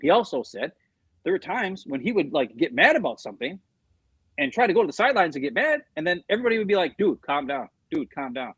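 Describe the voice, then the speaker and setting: Animated husky man talking sports. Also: sits high, fast, dry recording, highs cut off. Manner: animated storytelling, retelling quotes; rambling with restarts and swearing. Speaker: podcast co-host. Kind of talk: casual sports chat.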